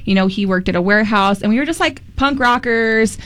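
A woman tattoo artist telling stories as a guest in a relaxed group chat. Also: fairly high pitch, a little fast, no echo.

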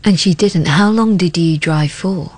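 A woman interviewer with a lowish voice asks short, gentle questions. The sound is dry and close, with no room echo. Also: a little slow, husky.

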